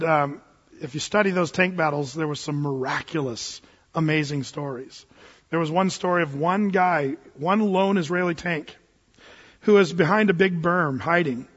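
A man's voice: high-pitched, slightly rough. A man preaching a sermon, telling stories animatedly and acting out the people in them. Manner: animated storytelling, acts out quoted voices. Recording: dull lo-fi sound in a reverberant hall.

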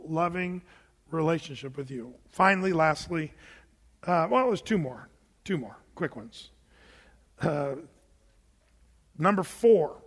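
A man preaching a sermon in a church, telling stories with animated delivery and laughing with the congregation. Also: high voice, in a large hall. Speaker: pastor. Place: church sanctuary.

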